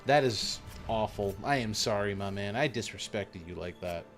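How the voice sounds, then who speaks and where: A man commentating casually while live-streaming a game, playful and rambling, with sudden excited yelps. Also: lowish voice, normal speed, soft background music.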